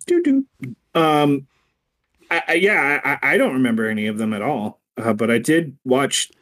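A man's voice: mid-range voice, normal speed, fairly bright tone. A man chatting on a podcast, hesitant and laid-back, often repeating his words. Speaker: podcast guest. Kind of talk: casual chat.

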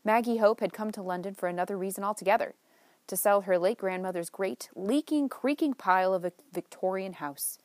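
A woman narrating a novel in a measured, lightly wry storytelling manner. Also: medium pitch, no echo. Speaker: audiobook narrator. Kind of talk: scripted narration.

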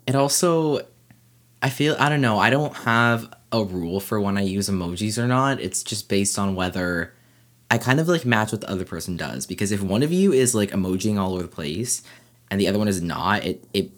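A man's voice: on the low side, expressive, brisk, fairly bright tone. A man hosting a casual podcast, joking around and teasing his co-host. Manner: playful, joking, laughs easily. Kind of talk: casual chat.

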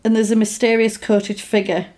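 A woman's voice: fairly high pitch, noisy background. Woman recapping a movie, chatty, does little voices for the characters. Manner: animated, acts out characters' lines in quick voices. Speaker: film recapper. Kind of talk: casual chat retelling a film.

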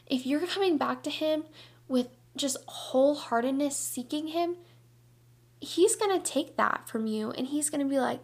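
A young woman with a high, light voice hosts a Christian devotional podcast. She talks earnestly and energetically, chatty and full of casual fillers. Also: moderate pace. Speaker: podcast host.

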